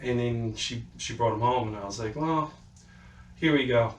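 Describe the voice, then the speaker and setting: A man's voice: medium pitch, moderate pace. A man hosting a podcast, chatting casually and telling loose stories, acting out what other people said. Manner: loose storytelling, quoting people in put-on voices. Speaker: podcast host. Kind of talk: casual chat. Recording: echoey room, far from the mic, faint noise.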